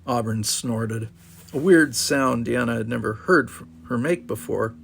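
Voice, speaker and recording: A man's voice: mid-range voice, measured pace, vocal fry, a little hiss or hum. A man reading a novel aloud, with wry casual asides. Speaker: audiobook narrator.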